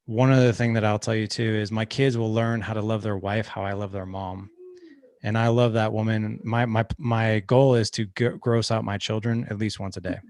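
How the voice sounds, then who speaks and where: A man's voice: on the low side, flat delivery, normal speed, a little mellow, no room sound, studio quality. A middle-aged man telling a story earnestly in casual conversation, with many restarts. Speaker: guest.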